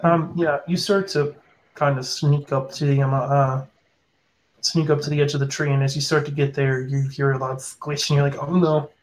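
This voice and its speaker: A man running a tabletop game as game master, narrating in a casual, halting way with fillers. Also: a little high, little pitch movement, rough recording.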